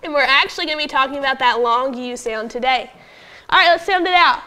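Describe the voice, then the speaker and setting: A woman teaching a phonics lesson to young pupils in a classroom, patiently prompting them and sounding out words slowly. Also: high-pitched, sharp tone. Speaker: elementary school teacher.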